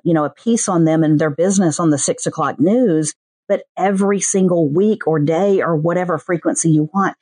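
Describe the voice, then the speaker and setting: A woman with a Southern US accent, a podcast producer chatting in an interview and slipping into quick voiced asides. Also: low voice, no room sound. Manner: chatty, animated, mimics other people's voices in quick asides. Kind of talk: casual interview chat.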